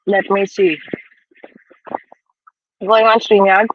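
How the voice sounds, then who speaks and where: A man's voice: high voice, level tone, slow, lo-fi sound, slight background noise. A man hosting a casual livestream, talking frankly and chattily while snacking, a bit self-deprecating. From India. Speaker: livestream host. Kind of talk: casual live-stream commentary.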